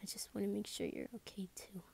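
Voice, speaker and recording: In this whispered role-play, a woman creator voices an anxious, caring young woman at a medium pitch and a quick pace. Her tone is dark and mellow, the voice extremely breathy and husky, as she softly murmurs comfort and keeps asking if her partner is all right.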